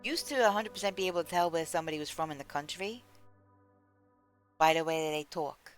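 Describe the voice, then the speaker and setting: Chatty low-voiced woman streamer. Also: fairly quick, soft background music. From United States. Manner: rambling, chatty, answers chat aloud. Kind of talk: casual chat while gaming.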